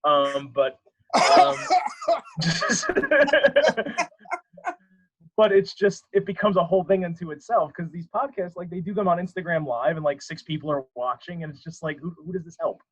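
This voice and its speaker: The recording is lo-fi and muffled as a man with a high-sitting, slightly bright voice chats as a podcast guest. His intonation is lively and his pace moderate while he rambles through anecdotes, frequently laughing at himself.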